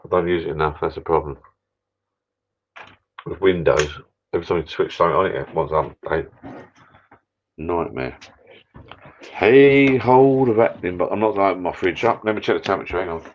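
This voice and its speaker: Streaming live from his backyard shed bar, a small indoor room, a tired middle-aged man who's had a few beers rambles casually with some mild cursing. His deep voice moves briskly but pauses often, and the stream audio sounds dull and lo-fi.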